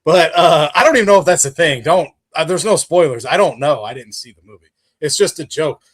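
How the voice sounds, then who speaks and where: A man's voice: a little high, lively intonation, brisk, fairly bright tone, slightly rough. Enthusiastic man rambling on a livestream. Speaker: guest creator. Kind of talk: casual livestream chat.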